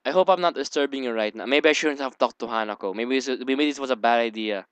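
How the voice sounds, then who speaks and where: A bit bright and mid-range, his smooth, clean voice moves at a quick pace through a dry desk-microphone recording with no room sound. The young man is hosting a let's play, reading a visual novel aloud and slipping into giggly, rambling asides.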